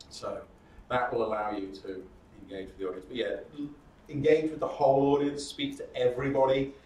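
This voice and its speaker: A man presenting a startup workshop, lively and chatty, acting out audience members with laughing asides. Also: mid-range voice, a little hiss or hum. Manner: animated, acts out audience reactions with laughing asides. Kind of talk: presentation skills workshop talk. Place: workshop room. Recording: roomy echo from a distant mic.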